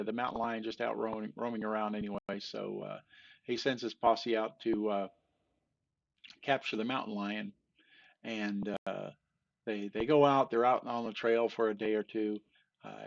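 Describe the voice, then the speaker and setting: An older man telling dad jokes and groaners in a rambling, halting way, full of fillers and restarts, laughing off the punchlines he flubs. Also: on the low side, vocal fry, muffled recording. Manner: self-deprecating, laughs off flubbed punchlines. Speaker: joke teller. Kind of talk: casual joke telling.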